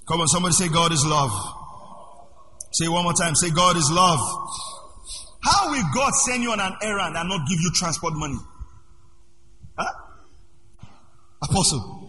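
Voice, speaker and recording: A man preaching a sermon as pastor, moving between quiet asides and loud shouted passages. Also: a little high, slight background noise. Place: church hall. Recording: echoey hall with long reverb.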